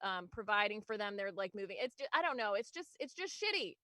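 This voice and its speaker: A woman's voice: mid-range voice, very animated, fast, sharp tone, no echo, poor audio. A woman doing a stand-up comedy set, rambling and self-deprecating with lots of fillers and little laughs. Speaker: stand-up comic.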